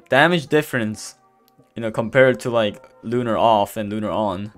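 Recorded apart from the gameplay footage over faint background music, a man gives a casual commentary voice-over in a lowish voice at normal speed. He trips over his words, restarts often, fills gaps with fillers, and admits he is stuttering and can hardly talk.

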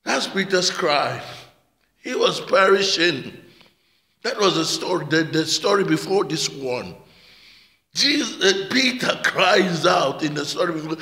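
A man's voice: on the high side, lively intonation, unhurried, sharp tone. A male pastor preaching a passionate sermon, repeating words and calling out amen and hallelujah. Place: church hall. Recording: echoey church hall with long reverb.

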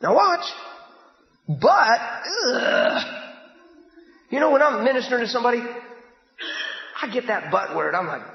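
High-pitched, shouting preacher man. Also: sing-song, unhurried, vocal fry, pauses often, reverberant, big-room sound, muffled recording. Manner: emphatic, often shouting, with sudden drops to a hushed voice. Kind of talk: sermon. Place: church hall.

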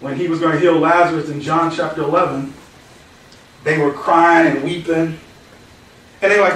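In a fairly high, slightly bright voice, a pastor teaches conversationally through the Bible verse by verse, his tone steady and his pace moderate, with long pauses. He shifts between scripture quotations and casual stories, heard from afar in a very echoey hall over faint noise.

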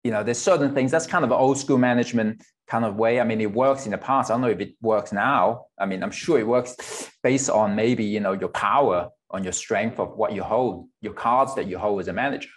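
A man's voice: fairly low pitch, fairly quick, hardly any pauses. A man in his forties from Hong Kong, a guest guitarist in a casual interview, speaking candidly, swearing now and then and laughing between thoughts. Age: 40s.

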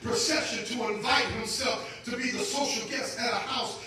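A man preaching a sermon as guest pastor, calling out to the congregation and building to shouted climaxes. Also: very high-pitched, moderate pace. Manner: repeats phrases for emphasis. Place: church sanctuary. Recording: very echoey church hall, voice from far off, music behind.

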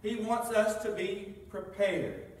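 A man's voice: high-pitched, fairly even intonation, takes it slowly, darkish tone. A man preaching a sermon, reading scripture aloud and asking the congregation questions. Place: church sanctuary. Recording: very echoey room, mic far off.

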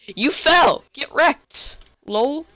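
A young male gamer giving rambling, excitable commentary while playing, often breaking into sudden outbursts. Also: extremely high pitch, very slow, no echo. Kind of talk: game commentary. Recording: faint music behind.

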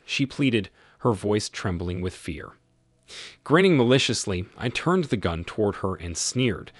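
A man reading a first-person story aloud as scripted narration, in a measured, dramatic way. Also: on the low side, very animated, husky, no room sound.

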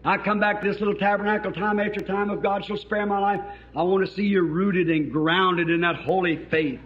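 A Southern American man preaches with fervent emphasis, his voice sitting high. The recording is old tape, dull and lo-fi. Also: fairly even intonation, a little fast. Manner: fervent, rising to shouts, then soft prayer. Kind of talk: sermon.

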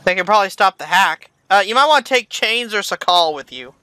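A player in a co-op video game, chatting casually and calmly giving directions to a teammate. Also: medium pitch, a little fast, clear, resonant tone, dry recording, soft background music. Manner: steady, explains and directs.

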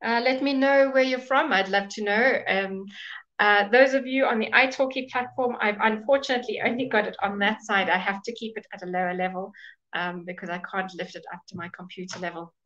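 A woman teaching English pronunciation in a live online class. She says each example word slowly, repeats it, and greets viewers by name as she goes. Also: mid-range voice, fairly even intonation, fairly bright tone, lo-fi sound. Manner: models words slowly and repeats them.

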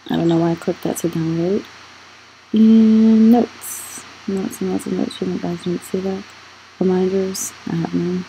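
Young adult woman, channel host; dark, relaxed tone, rambling unhurried walkthrough delivery. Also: on the low side, a little hiss or hum, poor audio. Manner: rambling, questions her own scrolling. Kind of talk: casual screen walkthrough vlog.

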